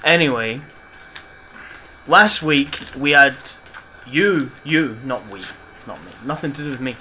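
A man's voice: medium pitch, lively intonation, unhurried, bright, forceful tone, slight background noise. A man in crude, mock-sarcastic podcast banter.

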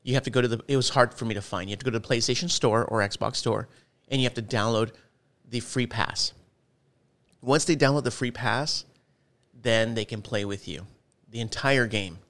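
A man co-hosting a podcast, telling stories in a rambling, animated way. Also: mid-range voice, moderate pace. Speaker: podcast co-host. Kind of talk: casual chat.

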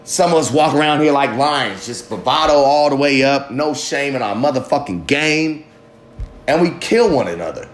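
This is a male podcast host delivering an expressive, rambling monologue at normal speed, cursing casually and swinging from loud to mumbled. The recording has a roomy sound.

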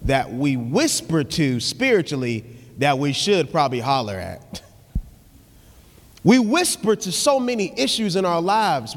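A man's voice: a little high, sing-song, unhurried. A young adult man preaching a live sermon in a large church hall, reading scripture and praying in a rhythmic cadence that swells into emphatic hollering. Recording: long reverb of a church hall with music behind.

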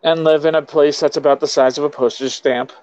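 A man's voice: a little high, fairly even intonation, fairly quick, a little mellow, no room sound, lo-fi sound. A man hosting a podcast, chatting casually, teasing his guest and swearing freely. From New York State, USA. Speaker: podcast host. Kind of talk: casual chat.

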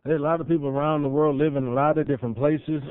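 A man preaching a sermon as pastor, rising to loud emphatic peaks and dropping to soft, drawn-out lines. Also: on the high side, steady tone, smooth, no echo. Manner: swells loud then drops soft, dramatic pauses. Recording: tinny phone-like sound.

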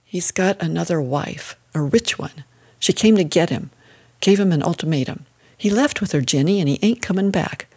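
A woman puts on an older grandmother, blunt and bossy, her words brisk and scolding. The voice sits a little higher than the narrator's own, in a storybook reading. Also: lively intonation, a little mellow, breathy edge. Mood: hushed.

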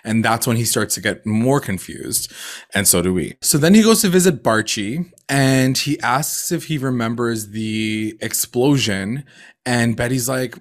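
Casual male podcast co-host, animated recap storyteller, filler-heavy. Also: mid-range voice, a little slow. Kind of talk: casual chat.

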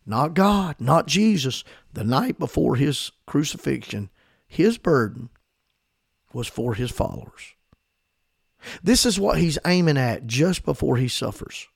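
A man's voice: a little high, lively intonation, measured pace, creaky, darkish tone, dry recording, studio quality. A man preaching a sermon in a fervent, emphatic style, often repeating himself as he builds a point.

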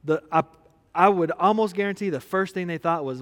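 A man's voice: high voice, a little fast, in a large hall. A man preaching a conversational sermon as pastor, telling a personal story with laughter.

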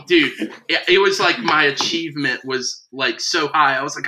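A man in casual chat with friends, telling a story with lively swings and quiet asides. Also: moderate pace, noisy background. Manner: animated storyteller, drops low for asides.

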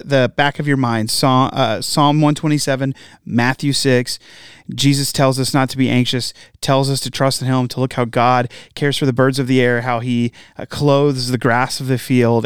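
A man's voice: medium pitch, clear, resonant tone, dry recording, studio quality. A man giving an earnest, conversational devotional talk as a pastor. He often asks his listeners direct questions and tags his points with "right?".

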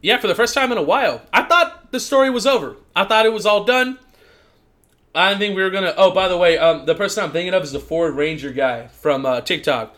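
A man's voice: high voice, expressive, fairly quick, a bit bright. A young man co-hosting a casual podcast, rambling and swearing, filling his talk with "like.". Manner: rambling, profane, heavy use of "like". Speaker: podcast co-host.

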